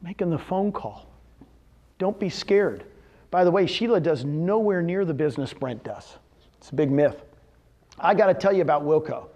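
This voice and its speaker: An energetic middle-aged man giving a motivational business talk, firing questions at the audience and answering them himself. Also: a little high, normal speed, pauses often, dull audio. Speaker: real estate brokerage executive speaking at a company event.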